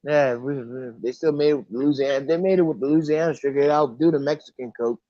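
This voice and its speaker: A man's voice: mid-range voice, fairly even intonation, quick pace, mellow, no echo. A man calling into a livestream by phone, chatting casually and repeating himself. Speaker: co-host on phone. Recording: slightly dull phone audio.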